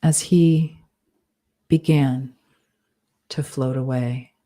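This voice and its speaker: Dictating her own novel, a woman speaks slowly and deliberately in a low, mellow voice. She pronounces each punctuation mark out loud, keeping her tone flat and steady.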